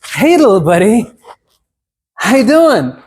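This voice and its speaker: Man doing a syrupy, higher-pitched uncle cooing at a kid, noisy hiss. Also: big pitch swings, takes it slowly, exaggerated voice. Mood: fake cheerful. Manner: fake cheerful. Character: overly sweet adult uncle greeting a child.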